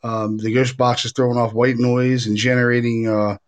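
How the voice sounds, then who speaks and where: A man hosting a casual talk show, a paranormal investigator telling stories in an animated way, full of fillers and restarts. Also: mid-range voice, moderate pace. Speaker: podcast host, paranormal investigator. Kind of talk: casual chat.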